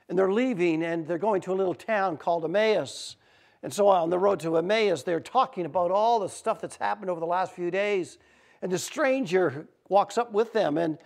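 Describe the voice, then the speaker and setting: A male pastor preaching in an informal, animated storytelling manner, with fillers and repeated words. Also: high-pitched, vocal fry. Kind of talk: sermon storytelling.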